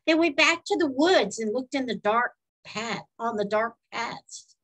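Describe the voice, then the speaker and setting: A woman storyteller reading a children's book aloud in a slow, expressive way. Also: fairly high pitch, rough recording.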